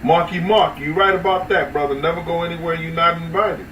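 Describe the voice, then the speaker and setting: A man hosting a casual livestream, talking loosely and profanely to his chat, with sudden high-pitched outbursts. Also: level tone, a little fast, bright, forceful tone, far from the mic, muffled recording. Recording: roomy echo, off-mic, faint ambient noise.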